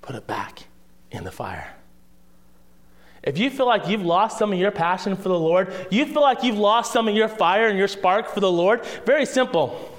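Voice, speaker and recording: High-voiced man preaching conversationally. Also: normal speed. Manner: conversational preaching with rhetorical questions and asides; drops to a hushed voice for emphasis. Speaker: pastor. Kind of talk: sermon.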